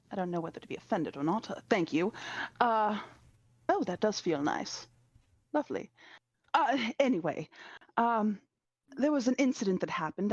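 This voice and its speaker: A woman's voice: mid-range voice, dry recording, dull audio, lightly acted. A woman voicing a vain, mannered male vampire socialite who speaks in an affected, airy way. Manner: affected, airy, says darling.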